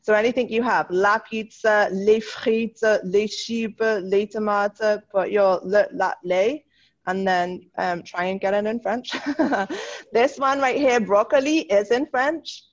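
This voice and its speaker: A woman teaching a French class online, encouraging her students and slowing down to model the French words. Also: medium pitch, steady tone, muffled recording. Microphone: video call.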